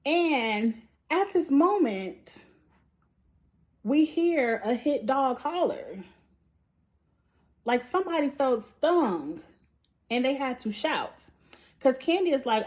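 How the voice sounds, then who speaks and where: A woman's voice: sits high, very animated, takes it slowly, pauses often. A woman hosting a casual recap vlog, blunt and profane with lots of slang, animatedly acting out quotes. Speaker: show reviewer and channel host.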